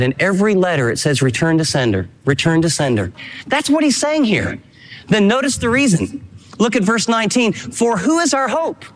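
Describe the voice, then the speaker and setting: A man preaching a sermon with emphatic, animated delivery. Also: high voice, big-room sound. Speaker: pastor.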